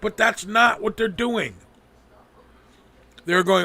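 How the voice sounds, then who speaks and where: A man's voice: high voice, slow, sharp tone. A man hosting a live stream, venting angrily and profanely, mocking the people he quotes. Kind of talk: ranting casual talk.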